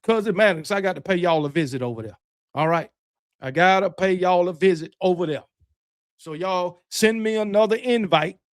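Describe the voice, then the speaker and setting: A man's voice: sits high, normal speed, no room sound, clean studio sound. A man with a Southern US accent hosting a fan livestream, rambling and trash-talking loosely, peppering his talk with "man" and "y'all.". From Alabama, US. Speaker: host of a fan livestream show. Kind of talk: casual livestream chat, reading super chats.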